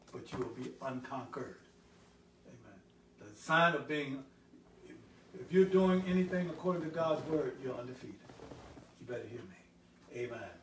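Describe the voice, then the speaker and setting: A male pastor preaching a sermon, swelling loud on scripture and dropping low for "help me, somebody.". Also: slight background noise. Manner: call-and-response preaching, swells loud then drops low. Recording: echoey room, voice from a distance.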